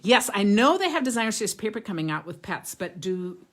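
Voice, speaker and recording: A woman's voice: medium pitch, sing-song, a little fast, fairly bright tone. A woman hosting a live craft stream, chatting casually with viewers, showing greeting cards, laughing often and reading comments aloud. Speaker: card-making livestream host.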